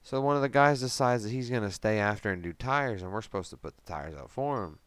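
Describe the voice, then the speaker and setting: A man's voice: lowish voice, lively intonation, quick pace, fairly bright tone, smooth, dry recording. Foul-mouthed man spinning a rambling story. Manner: profane, rambling, heavy swearing and fillers. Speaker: podcast host. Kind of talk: casual storytelling.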